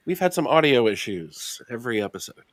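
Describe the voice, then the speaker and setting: A man's voice: mid-range voice, very animated, fairly quick, no room sound. A man hosting a live stream panel, chatting casually and reading out plugs and links in an easygoing way. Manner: easygoing, reads out sponsor and link notes. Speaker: host.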